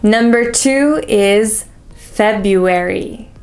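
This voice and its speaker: A woman with an American accent teaching pronunciation as a coach, drilling each word slowly and carefully with many repeats. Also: mid-range voice, a little mellow. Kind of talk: pronunciation lesson.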